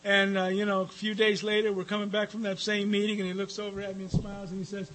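A man's voice: high-pitched, completely flat delivery, fast, heavy background noise. A man giving a rambling personal talk at a recovery meeting, with frequent fillers and some profanity.

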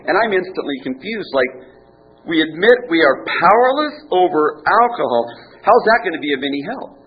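A man's voice: fairly high pitch, big pitch swings, moderate pace, breathy edge. A man telling his recovery story at a meeting in a rambling, self-mocking way, with false starts and chuckles. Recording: muffled, faint hiss.

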